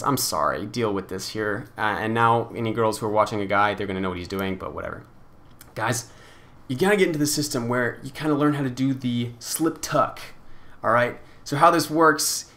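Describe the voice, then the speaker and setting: A man's voice: mid-range voice, a bit bright. A young man casually answering viewer questions in a frank, rambling way, with lots of filler words. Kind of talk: casual Q&A vlog chat.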